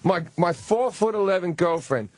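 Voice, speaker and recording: A man's voice: lively intonation, moderate pace, a little mellow, dry recording. Man telling a profane story. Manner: profane, acts out quotes with big pitch swings. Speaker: comedian guest. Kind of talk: animated storytelling.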